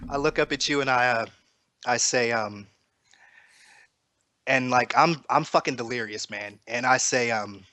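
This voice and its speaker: Bright, rambling tabletop player. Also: male voice, mid-range voice, a little slow, pauses often, no room sound. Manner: rambling, filler-heavy, casual swearing. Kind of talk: describing his character's actions.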